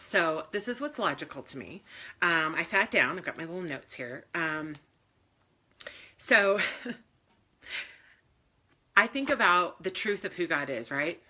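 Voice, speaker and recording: Bright-voiced woman giving a candid faith talk. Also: on the low side, animated, measured pace, pauses often. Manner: candid, emotional, swears freely, laughs often. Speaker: faith and self-esteem speaker. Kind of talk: casual live-stream talk.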